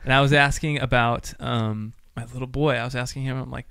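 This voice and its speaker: Animated man telling family stories. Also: mid-range voice, a little fast, vocal fry, hardly any pauses, clear, resonant tone, no echo. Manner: animated storyteller, acts out his kids' voices. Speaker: podcast co-host. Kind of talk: casual chat.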